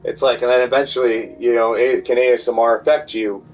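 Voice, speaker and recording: Speaking fairly quickly at a medium pitch and steady tone, a man wanders through a rambling monologue, stumbling over fillers and restarting often. Faint music plays, and the mic sits at a distance.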